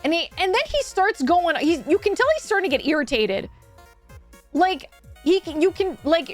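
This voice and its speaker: Faint music plays quietly behind a high-voiced woman chatting casually on stream. She rambles through a story full of fillers, with the occasional swear.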